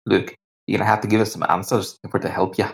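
Gravelly, deep-voiced man. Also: level tone, fast talker. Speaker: player. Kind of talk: playing a tabletop game.

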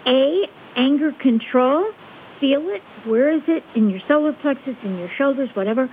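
A woman guest explaining a conflict technique step by step, in a calm, measured way that often checks in with "okay?". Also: high-pitched. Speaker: guest expert on conflict resolution. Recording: tinny phone line with faint hiss.

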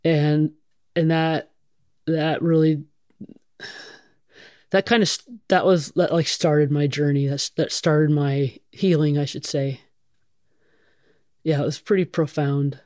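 A woman's voice: deep voice, steady tone, slow pace, long pauses, darkish tone, no echo, clean studio sound. A middle-aged woman, a firefighter, telling her story frankly in an interview, swearing casually and restarting her sentences often. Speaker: guest, firefighter.

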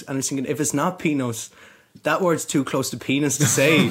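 A quick-talking Irish man, a podcast guest, spinning rambling anecdotes at his own expense. His pitch sits in the middle range, and he laughs through much of what he says. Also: fairly even intonation, a bit bright, a little hiss or hum. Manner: rambling, self-mocking, laughs often. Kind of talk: casual podcast chat, storytelling.

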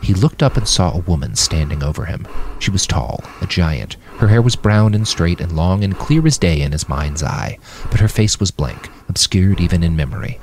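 A man reading his own fiction aloud with an expressive storytelling delivery, close to a dry studio mic. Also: sits low, moderate pace, a little hiss or hum. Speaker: narrator.

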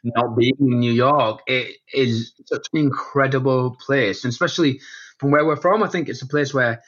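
A man's voice: mid-range voice, moderate pace, a bit bright, highs cut off. A man from the north of England with a Northern English accent, a podcast guest chatting in a playful, wry way. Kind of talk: casual chat.

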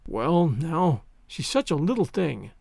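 A male narrator voicing a shy, gentle older farmer in a storybook reading, soft and hesitant. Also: high voice, sing-song, brisk, vocal fry, no echo, clean studio sound, exaggerated voice. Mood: pleading.

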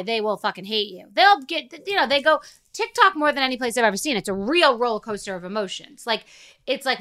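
A middle-aged woman hosting a podcast, talking bluntly and casually with frequent swearing. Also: on the high side. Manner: blunt, profane, rapid and animated. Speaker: podcast host. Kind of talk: casual monologue.

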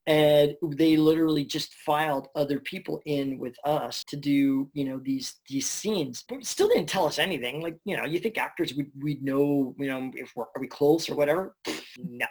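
Chatty, animated man telling stories. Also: a little high, normal speed, breathy edge. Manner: animated, chatty, swears casually. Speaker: voice actor guest. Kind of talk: casual interview storytelling.

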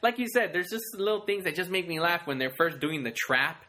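A man's voice: on the high side, animated, a little fast, sharp tone. A man chatting casually as a podcast co-host, laughing often and acting out movie lines. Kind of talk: casual chat.

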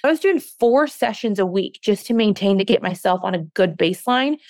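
A woman's voice: medium pitch, expressive, brisk, a little mellow, no echo. A woman guest on a podcast interview, a fitness coach who talks earnestly and passionately and becomes openly emotional about her work.

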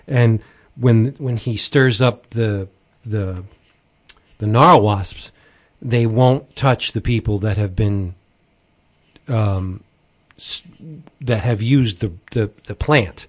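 Man, slightly low voice, eager casual chat about comics. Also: slow pace, long pauses. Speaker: podcast co-host.

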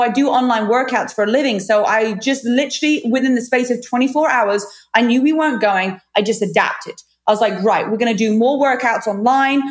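Woman guest, 30s, higher voice, candid storyteller, curses freely, quick self-corrections. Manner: frank, swears casually, quick restarts. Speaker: guest, fitness trainer and author.

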